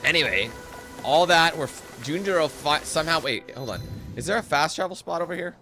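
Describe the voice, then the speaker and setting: A man's voice: a little high, lively intonation, fairly quick. A man from Canada giving joking, profane gameplay commentary in a rambling, playful way. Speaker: gaming commentator. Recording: game music loud underneath.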